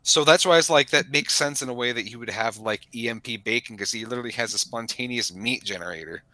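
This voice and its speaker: Bright-voiced male game master. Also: medium pitch, no room sound. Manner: rambling, self-correcting, quick to laugh. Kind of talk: narrating a tabletop game.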